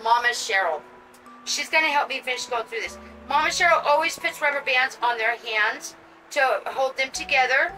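A woman vlogging an unboxing, gushing and excitable, cooing over a doll she pulls from the box. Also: a little high, far from the mic, rough recording. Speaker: reborn doll collector vlogger. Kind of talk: casual unboxing vlog.

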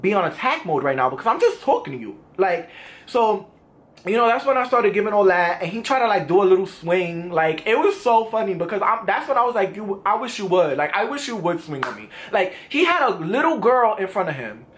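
A man's voice: high voice, big pitch swings, fairly quick, slight background noise. A young man vlogging, animatedly retelling a confrontation in casual slang, acting out what was said. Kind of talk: storytime vlog.

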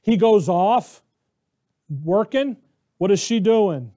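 Animated high-voiced American preacher. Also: male voice, slow. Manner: animated, conversational, acts out voices. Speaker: pastor. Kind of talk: sermon.

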